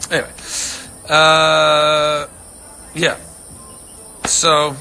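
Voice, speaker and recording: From his ranch home, a man runs a casual livestream answering fans, drifting from thought to thought in an earnest, unfiltered way and swearing freely. His mid-range voice is bright, forward and expressive at a normal speed, with faint crickets and a little hiss or hum behind it.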